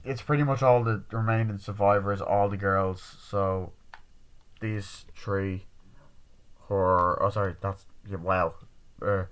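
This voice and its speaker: A man's voice: low-pitched, fairly even intonation, slow pace, clear, resonant tone. A man giving a casual spoken movie review, rambling loosely and swearing often. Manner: rambling, heavy swearing, constant "you know" and "like".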